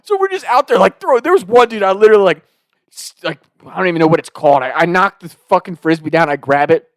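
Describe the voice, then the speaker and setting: Animated, profane young man telling a story. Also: high-pitched, fast talker, no echo. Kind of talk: casual storytelling.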